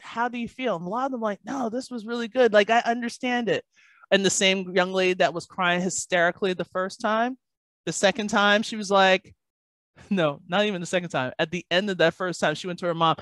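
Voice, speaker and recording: A woman math tutor in a podcast conversation, telling lively stories and acting out the parents and kids she works with. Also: medium pitch, fairly quick, dry recording. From Baltimore, Maryland. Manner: animated storyteller, acts out parents and kids.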